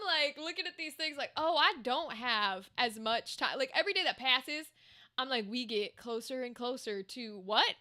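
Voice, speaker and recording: Woman, high pitch, bright tone, casual rambling livestream chat. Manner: rambling, chatty, reads chat aloud, swears casually.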